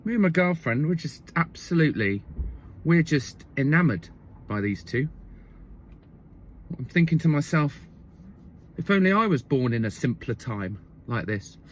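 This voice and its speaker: A man's voice: on the high side, sing-song, moderate pace, pauses often, slight background noise. A man telling a comic story in a wry monologue, often checking in with "okay?" and "right?".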